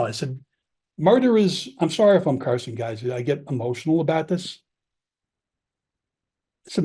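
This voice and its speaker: A man's voice: a little high, animated, moderate pace, pauses often, warm tone. Emotional New man telling his story. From Long Island, New York. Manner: emotional, profane, quotes people in dialogue. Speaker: podcast guest, former police officer. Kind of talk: storytelling interview.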